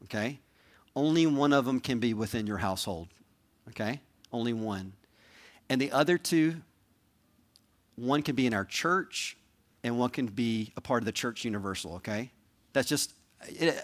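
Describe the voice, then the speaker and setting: A male pastor closing a sermon in a conversational, heartfelt manner. He speaks at a middle pitch, coaxing and pleading with the congregation. His tone stays earnest and direct, often pausing to ask "right?".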